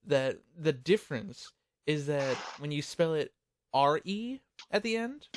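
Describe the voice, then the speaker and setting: A slightly higher-voiced American man talking casually with friends, explaining things eagerly through examples. His voice is close and dry. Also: expressive, a little slow, no echo. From United States. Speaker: cast member of a fan abridged series. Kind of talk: casual group chat.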